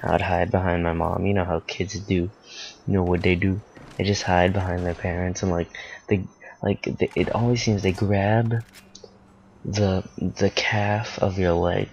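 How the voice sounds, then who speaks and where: Teen guy rambling thru a story, deep and kinda gravelly, lots of ums. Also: steady tone, measured pace, a little mellow, highs cut off, slight background noise. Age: teens. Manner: rambling, with frequent fillers and self-corrections. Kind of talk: casual personal storytelling.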